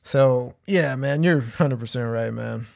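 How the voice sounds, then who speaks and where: A man's voice: mid-range voice, unhurried, creaky, darkish tone. A young man co-hosting a podcast, chatting in a laid-back, profane, agreeable way. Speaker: podcast co-host. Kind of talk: casual chat.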